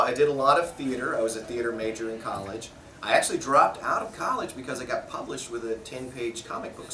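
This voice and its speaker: A man, a voice actor, telling stories casually in a convention press interview, animated and often laughing. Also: mid-range voice, a little hiss or hum. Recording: roomy echo, mic at a distance.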